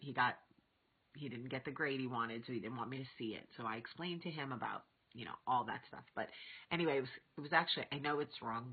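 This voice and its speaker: A woman in her thirties hosting a vlog, telling stories casually to camera and acting out quotes with big lively jumps. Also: rumbling low, slightly rough. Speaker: vlog host. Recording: tinny phone-like audio.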